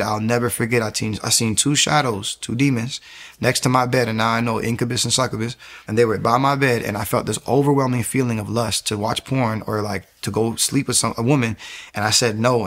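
A man's voice: mid-range voice, a bit bright. A man earnestly recounting his faith testimony in a casual, repetitive way, with many fillers. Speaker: guest giving a testimony.

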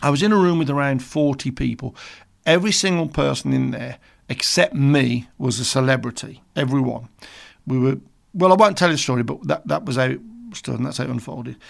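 Gravelly older Birmingham radio presenter. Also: male voice, medium pitch, fairly quick. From England. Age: 60s. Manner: rambling, self-amused storytelling with asides. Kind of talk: chatty radio link between songs.

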